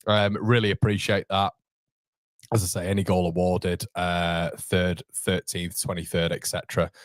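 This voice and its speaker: A man hosting a live match watchalong, chatty and excitable, talking straight to his viewers. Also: sits low, moderate pace, dry recording. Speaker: host of a football fan channel.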